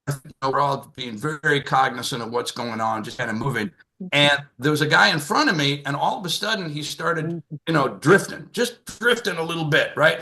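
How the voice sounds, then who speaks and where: Brief: sixties male comic, bright forceful tone, rambling anecdote style, video call mic. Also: fairly high pitch. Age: 60s. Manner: rambling, lots of filler and restarts. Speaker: comedian. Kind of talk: stand-up storytelling on a video call.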